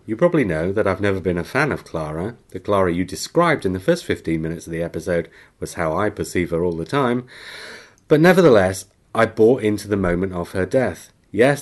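Low-voiced man reading mail on a podcast. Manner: chatty, laughs easily, dry self-mocking asides. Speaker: podcast host. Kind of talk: casual podcast chat, reading a listener email aloud.

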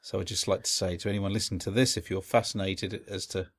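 A man's voice: low-pitched, flat delivery, fast, fairly bright tone. An English man co-hosting a podcast, telling rambling stories and swearing casually. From England. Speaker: podcast co-host. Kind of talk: casual chat.

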